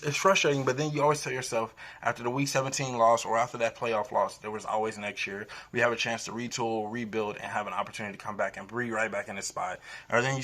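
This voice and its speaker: A man's voice: medium pitch, bright, forceful tone. A man delivering an impassioned, rambling fan rant, emphatic and full of restarts. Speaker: sports fan vlogger.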